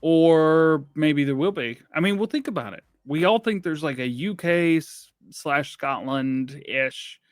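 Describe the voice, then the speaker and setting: A man's voice: a little high, animated, unhurried, few pauses, dry recording, clean studio sound, faint music behind. A man co-hosting a casual gaming podcast, chatty and rambling, laughing often. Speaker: podcast co-host.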